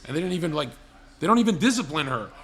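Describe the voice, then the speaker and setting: A man's voice: fairly high pitch, big pitch swings, fast, fairly bright tone. A young man hosting a livestream, telling crude comedic stories in a blunt, rambling, profane way. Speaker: livestream host.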